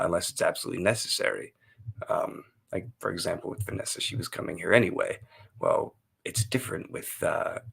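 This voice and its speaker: A man's voice: low-pitched, gravelly, a bit bright, husky, dry recording. A man hosting a casual solo live stream, rambling and gushing with lots of fillers and restarts.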